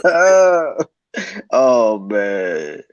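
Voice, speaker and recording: A man's voice: medium pitch, sing-song, very slow, no echo, dull audio. A man co-hosts a casual commentary podcast. He is blunt and profane, mocking his target without holding back. His voice sounds dry and close, with no room around it. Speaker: podcast co-host.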